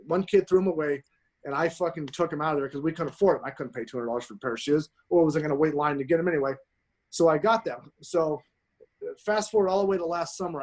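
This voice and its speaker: A man guesting on a podcast, telling stories in a casual chat, swearing constantly and talking with excited emphasis. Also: a little high.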